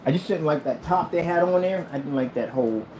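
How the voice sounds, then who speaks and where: A blunt middle-aged man talking off the cuff at home, his somewhat high voice swinging up and down with lots of life. He sounds combative and unscripted, with a faint hum of noise behind him. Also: animated, fairly quick, darkish tone. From United States. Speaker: small business owner vlogging. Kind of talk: casual unscripted vlog.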